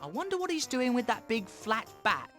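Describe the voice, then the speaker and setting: A wry young dragon hero. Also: male voice, very high voice, wildly swooping pitch, moderate pace, bright, forceful tone, faint music behind, full character voice.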